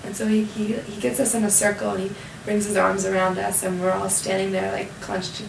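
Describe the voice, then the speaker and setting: A young adult woman telling a story in a casual, animated way, full of "like" fillers, acting out the people she quotes. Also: mid-range voice, fairly quick, vocal fry, background noise. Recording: echoey room, mic at a distance.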